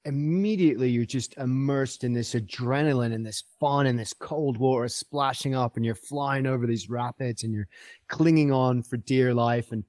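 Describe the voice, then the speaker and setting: A man's voice: medium pitch, normal speed, darkish tone, dry recording. A man guest on a podcast interview, telling a travel story in an enthusiastic, rambling way with many fillers and restarts.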